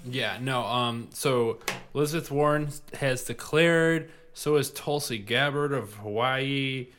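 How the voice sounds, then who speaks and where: A man's voice: medium pitch, slow pace, a bit bright, a little hiss or hum. A man with a Midwestern accent chatting casually, hesitant and full of ums. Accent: Midwestern American. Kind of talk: casual chat.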